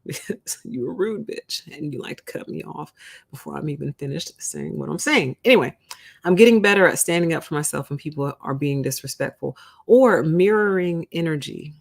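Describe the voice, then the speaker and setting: A young adult woman with a low voice chats casually on her livestream. She is blunt and candid, laughs often, and acts out her own quotes. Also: lively intonation, normal speed, creaky. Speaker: livestream host.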